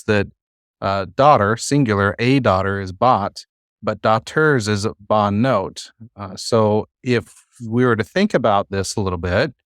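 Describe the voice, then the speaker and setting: A man's voice: medium pitch, fairly bright tone, no echo, clean studio sound. A man teaching a classroom lesson, patient and encouraging, with many fillers. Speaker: Hebrew teacher.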